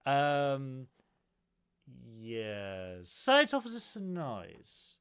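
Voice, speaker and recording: Male podcast host, very lively pitch, bantering, casual chat. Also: very slow, smooth. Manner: animated, jokey, puts on voices for quotes.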